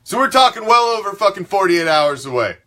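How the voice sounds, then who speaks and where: A man ranting as a sports talk host, swearing freely and hammering his points. His voice sits high and swings widely up and down, with a bright, forceful edge. He keeps the tone emphatic and fired-up. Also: very animated, a little fast. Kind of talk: fan sports commentary rant.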